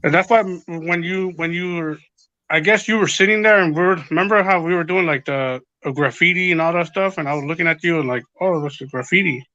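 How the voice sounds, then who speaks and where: A man's voice: fairly high pitch, fast talker, sharp tone, no echo, muffled recording. A man in casual podcast chat, rambling and swearing as he retells what others said. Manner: rambling, profane, retells quotes. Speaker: podcast guest.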